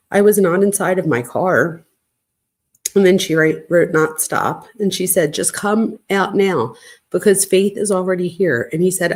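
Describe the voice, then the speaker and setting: A woman's voice: fairly low pitch, husky. A woman hosting a true crime channel, casually reading a string of text messages aloud at home and stopping now and then to settle her dog. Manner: reads texts flatly, breaks off to calm her barking dog. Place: home, at night.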